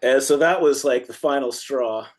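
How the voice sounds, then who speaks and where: A man's voice: mid-range voice, moderate pace. A man, a punk guitarist guest, telling a long road story in a rambling, casual way, laughing often and acting out quotes.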